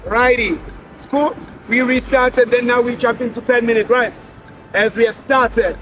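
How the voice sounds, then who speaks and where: A young South African man hosts a street challenge show outdoors, playfully teasing and hyping up contestants while music plays. His voice is extremely high yet steady in tone, at a moderate pace.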